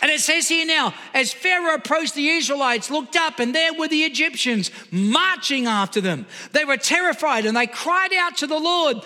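A man preaching with a very high, piercing bright voice. He presses his points hard and keeps asking the crowd rhetorical questions. His words ring out with a long hall reverb. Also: animated, moderate pace, hardly any pauses. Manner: emphatic, asks the audience rhetorical questions. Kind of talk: sermon.

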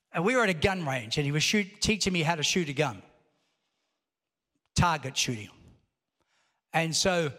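Male preacher, high voice, storytelling sermon that builds to emphatic exhortation, big reverberant church hall. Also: pushed and bright. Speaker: pastor. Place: large church auditorium.

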